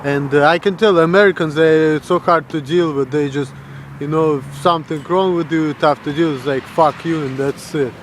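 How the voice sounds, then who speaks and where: Man, Russian accent, young, blunt profane rant, pitched a bit high, faint traffic behind. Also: fairly even intonation, normal speed. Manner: blunt, crude, mocking the voices of others. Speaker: vlogger.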